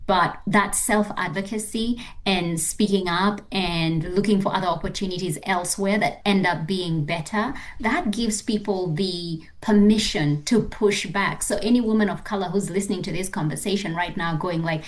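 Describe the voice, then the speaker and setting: A woman's voice: medium pitch, moderate pace. A woman hosting a podcast interview, affirming her guest and building her points with emphasis. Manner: emphatic, affirming, talks in long building thoughts. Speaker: podcast host. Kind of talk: conversational interview.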